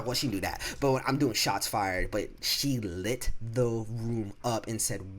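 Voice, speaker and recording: Young man, storytime vlog, casual and profane, repeats words, slightly low voice. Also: fairly quick. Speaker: vlogger. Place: home room.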